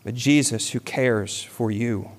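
A man's voice: medium pitch, slow. A man preaching a sermon as a pastor, earnest and building to emphatic peaks. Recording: long hall reverb.

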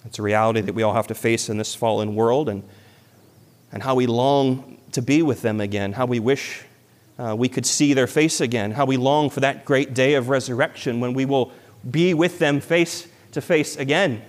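A man's voice: mid-range voice, steady tone, normal speed. A man preaching a sermon as a pastor, earnest and building to emphatic peaks. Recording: long hall reverb.

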